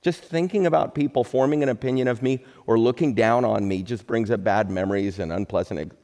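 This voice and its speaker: A middle-aged man, a pastor, giving a recorded sermon in a relaxed, joking, conversational way. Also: mid-range voice, fairly quick, big-room sound.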